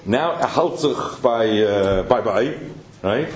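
A man telling a story as a sermon, animated, with many Yiddish and Hebrew terms in his English. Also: a little high, fairly quick, echoey room.

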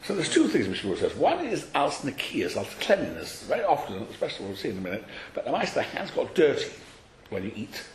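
A man teaching a study class, explaining a text to his students in an animated, questioning way and calling on them by name. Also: medium pitch, quick pace. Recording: echoey room.

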